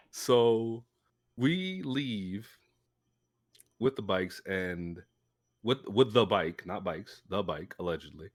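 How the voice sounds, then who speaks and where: A young man co-hosting a podcast, telling a story in a casual, animated way. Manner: animated storyteller, acts out quotes in a high voice. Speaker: podcast co-host.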